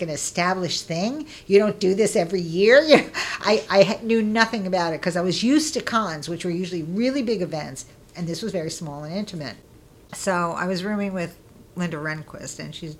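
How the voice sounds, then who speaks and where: Lower-voiced middle-aged woman telling stories. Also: moderate pace, slight background noise. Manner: lively, acts out quoted voices with laughter. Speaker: interviewee. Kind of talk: casual storytelling.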